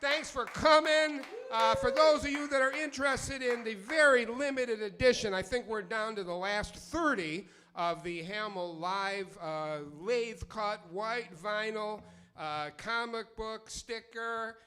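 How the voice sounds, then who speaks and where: A man's voice: high voice, a little slow, hardly any pauses, pushed and bright, smooth. A middle-aged man performing live, chatting loosely between pieces and delivering rhyming, profane, sardonic spoken word in a driving rhythm.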